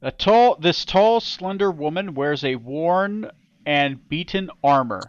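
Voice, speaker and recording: A man's voice: fairly high pitch, expressive, no echo, highs cut off. Casual man running a tabletop game. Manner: casual, halting narration with fillers. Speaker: game master.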